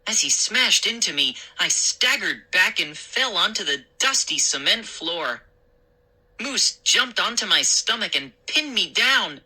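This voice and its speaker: A woman reads a scary children's story aloud at an unhurried pace. Her voice is bright and crisp-edged, and her pitch moves with lively expression. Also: low-quality recording.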